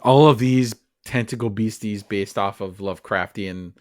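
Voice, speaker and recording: A man's voice: on the low side, moderate pace, no echo, clean studio sound. A man co-hosting a podcast, chatting about a film and its comic roots in a loose, opinionated way. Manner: chatty, opinionated, many fillers. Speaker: podcast co-host. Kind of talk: casual film discussion.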